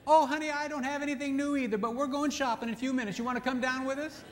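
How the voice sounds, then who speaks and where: A man doing a huffy high-voiced wife. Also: fairly even intonation, fast talker, in a large hall, a little hiss or hum, close to an everyday voice. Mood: chummy. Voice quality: high falsetto put-on. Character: indignant wife, sharp-tongued, easily offended.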